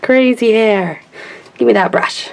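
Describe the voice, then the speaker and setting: A woman with a cold-worn, hoarse voice co-hosting a toy review, giving short, laughing replies. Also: on the high side, measured pace, low-quality recording. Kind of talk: casual chat.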